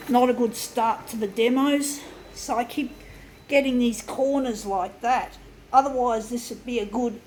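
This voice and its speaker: A woman narrates her own craft demo on a sweltering day, shaking, sweating and venting her frustration to the folks watching. She swears freely and talks herself through setbacks. Her voice sits somewhat high, with faint background noise behind her. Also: a little mellow, rough recording. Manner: swears often, keeps addressing viewers as folks. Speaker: vlogger demonstrating a craft. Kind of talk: frustrated casual monologue while working.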